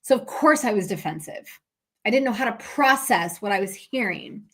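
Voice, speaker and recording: A woman's voice: mid-range voice, lively intonation, normal speed, fairly bright tone. A woman, a business coach hosting a podcast, telling a personal story in a casual, conversational way, with lots of fillers and questions to her listeners. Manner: frequent fillers and tag questions.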